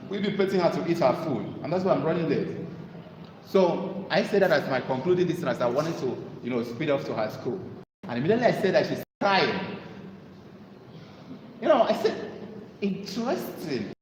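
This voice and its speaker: A man giving a motivational talk to an audience, telling stories and pitching his mentorship. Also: fairly quick, long pauses, a little hiss or hum. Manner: animated storytelling, sales pitch. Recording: echoey hall with long reverb.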